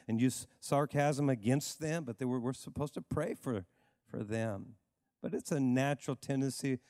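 A male pastor preaching a sermon in an emphatic way, repeating phrases and dropping low for stress. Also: a little mellow, no room sound, clean studio sound, big-room sound.

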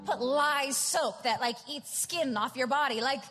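A woman's voice: sits high, unhurried, bright, forceful tone. A middle-aged woman pastor preaching a sermon, telling family stories with chatty asides and building to emphatic points. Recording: large hall with reverb, faint music.

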